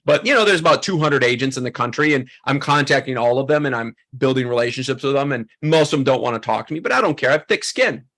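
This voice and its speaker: A man teaching a photography workshop, telling a story in an animated, chatty way full of "like" and "um". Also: mid-range voice, quick pace, few pauses. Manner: animated, chatty, heavy use of "like" and "um". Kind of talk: storytelling lesson to a class.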